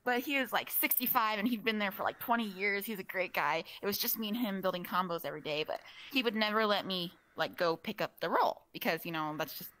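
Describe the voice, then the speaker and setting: Bright-voiced young woman rambling, drunk. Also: mid-range voice, fairly quick, hardly any pauses. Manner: rambling, lots of "like" and fillers, animated storytelling. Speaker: streamer chatting with a friend. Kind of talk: casual chat.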